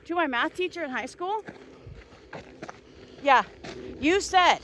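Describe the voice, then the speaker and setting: A middle-aged woman rants on a walk outdoors, heated and sarcastic. Her voice sits high and leaps around with emphasis. A faint outdoor background hums behind her. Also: expressive, slow, pauses often, a bit bright, a little hiss or hum. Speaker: vlogger. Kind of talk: angry rant.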